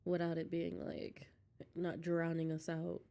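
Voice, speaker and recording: Woman streamer, chatty and giggly, slow and mellow, close desk mic. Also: low voice, completely flat delivery, creaky. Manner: chatty, giggly, talks to chat. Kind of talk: casual game stream chat.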